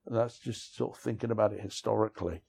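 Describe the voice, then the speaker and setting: The middle-aged writer and interview guest talks fast in a lowish, steady, darkish voice marked by vocal fry. His frank personal storytelling rambles, and "you know what I mean" comes up often.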